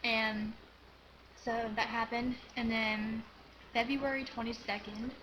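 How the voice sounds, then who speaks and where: Giggly teen girl telling an excited story. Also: a little high, slow pace, a little hiss or hum, poor audio. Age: teens. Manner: giggly, excited, rambling with many "like"s. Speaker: vlogger. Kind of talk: casual storytelling chat.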